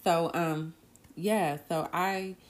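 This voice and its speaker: Woman, low-pitched, earnest solo podcast talk, slow with laughs. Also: fairly even intonation. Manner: earnest, drawn-out pauses, bursts of laughter. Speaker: podcast host.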